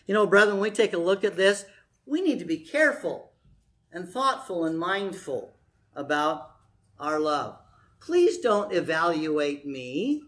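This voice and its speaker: A man's voice: high voice, big pitch swings, measured pace, fairly bright tone. A man preaching a conversational sermon to his congregation, telling stories and acting out quoted voices.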